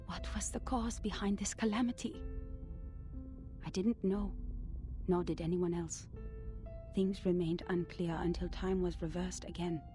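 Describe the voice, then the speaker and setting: A woman voicing the solemn author of a secret report in a game, reading it out in a measured, grave way. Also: on the low side, fairly even intonation, mellow, soft background music, natural voice.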